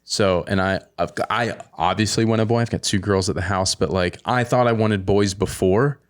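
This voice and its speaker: A man in his thirties hosting a podcast, chatting casually with excited, rambling storytelling. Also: lowish voice, normal speed. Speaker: podcast host. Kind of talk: casual chat.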